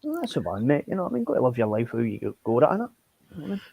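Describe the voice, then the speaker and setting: A man's voice: mid-range voice, big pitch swings, racing, vocal fry, muffled recording. A man in easygoing, sweary chat on a stream call, often saying "you know what I mean". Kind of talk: casual chat on a livestream call.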